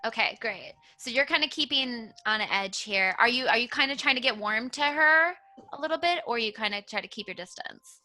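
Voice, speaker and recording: A woman narrating as dungeon master of a tabletop game, chatty and quick to laugh. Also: a little high, expressive, pushed and bright, faint music behind.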